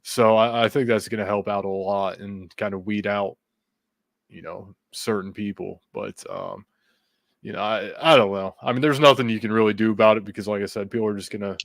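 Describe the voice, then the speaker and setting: A man on a podcast as a guest, chatting casually and agreeably with a wry sense of humor. His voice sits on the low side, and it is recorded dry, close to the mic. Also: steady tone, brisk, dry recording. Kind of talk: casual chat.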